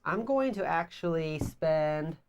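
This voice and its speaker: Low-voiced woman talking through her moves. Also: expressive, slow pace, darkish tone, a little hiss or hum. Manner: teasing, thinks her moves through aloud. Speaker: board game player and co-host. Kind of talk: casual board game playthrough chat.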